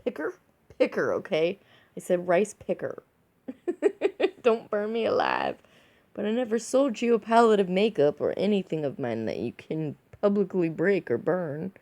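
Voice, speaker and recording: A woman's voice: medium pitch, huge pitch swings, measured pace, mellow. A tipsy woman vlogging in a casual, rambling way, giggling often between her words. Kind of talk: casual rambling chat to camera.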